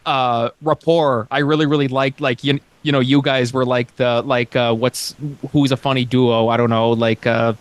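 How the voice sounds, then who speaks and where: Excitable man hosting, dry close sound. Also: mid-range voice, normal speed, few pauses, clear, resonant tone, dry recording. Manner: excitable, rambling, swears and laughs loudly. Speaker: podcast host. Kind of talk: casual podcast interview.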